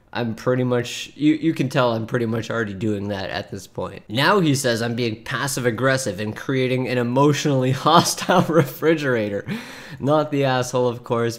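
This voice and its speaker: Chatty man laughing through reactions. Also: medium pitch. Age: 30s. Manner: chatty, laughs often, reads posts aloud with asides. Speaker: streamer reacting to online posts. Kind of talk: casual reaction commentary.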